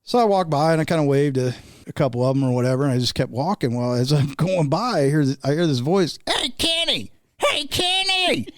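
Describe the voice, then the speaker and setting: A man's voice: medium pitch, fast, a little mellow, no echo, clean studio sound. A man guest telling casual anecdotes in a laid-back way, chuckling often. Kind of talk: casual storytelling.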